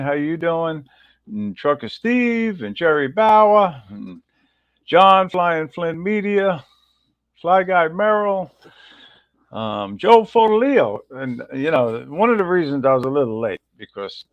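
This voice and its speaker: A man hosts a laid-back livestream, rambling on and calling out viewers by name. His voice is mid-pitched and the sound is dry and a bit dull, with no room echo. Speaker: livestream host. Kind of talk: casual livestream chat.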